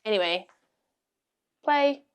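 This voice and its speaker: A young woman vlogging a casual storytime, blunt and sweary, laughing often and swinging from loud to hushed. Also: fairly high pitch, animated, slow pace, clear, resonant tone.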